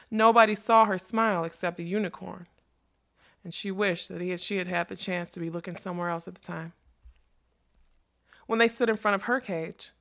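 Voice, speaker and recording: A woman reads a storybook aloud in a measured, expressive manner. Her voice sits in a middle register, steady and unhurried. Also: medium pitch. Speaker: narrator. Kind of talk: storybook reading.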